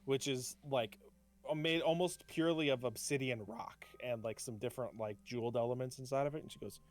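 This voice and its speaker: A man's voice: medium pitch, a little fast. Casual male game master. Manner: casual, rambling, many likes and ums. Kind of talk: narrating a tabletop game.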